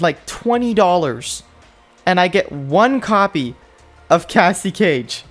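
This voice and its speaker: Young male gamer, frustrated pack-opening commentary, very animated pitch that cracks up high. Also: slow pace, faint music behind. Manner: exasperated, ranting, voice jumping high in disbelief. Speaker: mobile game YouTuber.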